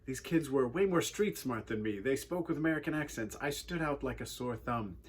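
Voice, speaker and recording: A man with an English accent, telling a personal story in an animated, wry and earnest way as a youth speaker. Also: medium pitch, fairly quick, slightly rough. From England.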